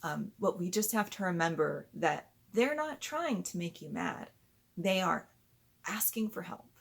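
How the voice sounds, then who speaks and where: A woman explaining parenting steps in a patient, conversational way, sometimes acting out gentle lines a parent might say. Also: fairly low pitch, lively intonation, unhurried, creaky, slightly rough. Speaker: parenting educator. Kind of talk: explanatory talk.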